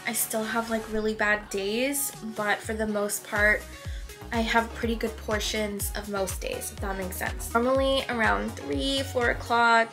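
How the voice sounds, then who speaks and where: A woman's voice: a little high, level tone, measured pace, over music. A young woman vlogging casually to camera, chatty and rambling, a little out of breath. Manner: chatty, rambling, frequent laughs.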